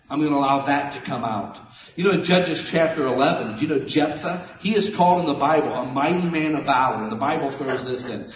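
A middle-aged man preaching a sermon as a pastor, animated and folksy, swinging between loud and soft. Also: mid-range voice, slight background noise. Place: church sanctuary. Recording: echoey church hall from a distance.

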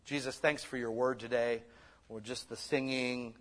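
A man preaching a sermon as pastor, conversational and lively, swinging between loud bursts and soft asides. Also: medium pitch, normal speed.

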